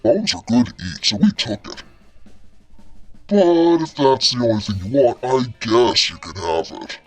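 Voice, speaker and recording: Man playing a dopey wolf gang, voice changer on, laid-back slangy talk, pitch all over the place. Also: lively intonation, measured pace, faint music behind. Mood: smug. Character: dopey hungry pack of wolf boys.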